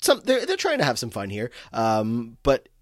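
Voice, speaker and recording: A man's voice: medium pitch, wildly swooping pitch, normal speed, no echo, studio quality. A man co-hosting a movie recap podcast, talking in a loose, rambling way with lots of fillers and restarts. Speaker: podcast co-host. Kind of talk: casual chat.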